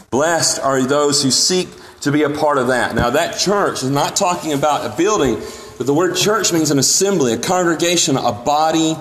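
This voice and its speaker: A man's voice: mid-range voice, in a large hall, a little hiss or hum. A man preaching a sermon in a church, earnest and emphatic, lifting his voice when he quotes scripture. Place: church sanctuary.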